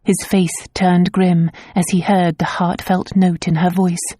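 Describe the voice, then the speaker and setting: A woman narrating a romance novel audiobook in a calm, measured way. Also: lowish voice, no echo, clean studio sound. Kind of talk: scripted narration.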